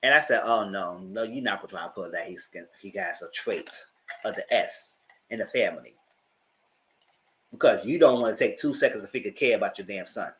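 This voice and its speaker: A fairly quick man's voice, lowish in pitch and fairly bright, belongs to a TV reviewer hosting his channel's live episode recap. His telling is dramatic and colorful, full of slang asides, hot takes and swearing.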